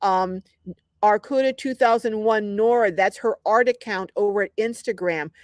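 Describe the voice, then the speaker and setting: A woman's voice: mid-range voice, normal speed, a little mellow, dry recording, studio quality. A middle-aged woman hosting a casual livestream, chatty and upbeat, reading out viewer comments with lots of ums. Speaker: livestream host.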